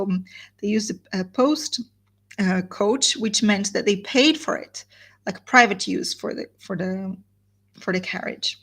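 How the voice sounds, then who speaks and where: A woman's voice: mid-range voice, fairly bright tone, slightly rough. A woman teaching literature, reading a novel aloud and stopping for explanatory asides. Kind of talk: live guided reading with commentary.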